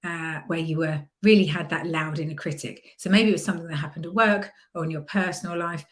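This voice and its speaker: A woman with a fairly low voice coaching listeners on a podcast. Her delivery is calm and encouraging, and she at times eases into a soft, gentle hypnotherapy tone to lead a guided visualization. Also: fast talker. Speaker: mindset coach.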